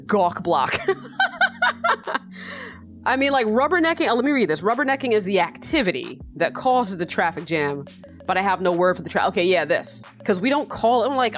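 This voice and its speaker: A woman's voice: fairly low pitch, expressive, fairly quick, soft background music. A young American woman giving casual, sarcastic commentary while she takes an online quiz, swearing freely and laughing often. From United States. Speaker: YouTuber.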